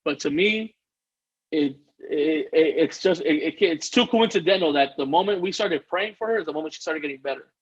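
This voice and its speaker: A man's voice: on the high side, brisk, husky, lo-fi sound. A man telling a personal story as a podcast guest, earnest and rambling, often restarting his sentences. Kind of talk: casual interview storytelling.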